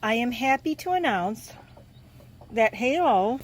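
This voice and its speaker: A woman's voice: on the high side, expressive, slow. Chatty woman showing her baby chicks. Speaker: homestead vlogger. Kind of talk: casual vlog tour. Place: outdoors, backyard chicken coop and garden.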